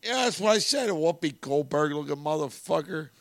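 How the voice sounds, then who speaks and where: A man, co-hosting a sports podcast, loudly taunting rival players with profane insults and frequent laughter. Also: on the high side, lively intonation, fairly quick, dry recording. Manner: loud, taunting, laughs often. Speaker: podcast co-host. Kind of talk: rowdy profane sports banter.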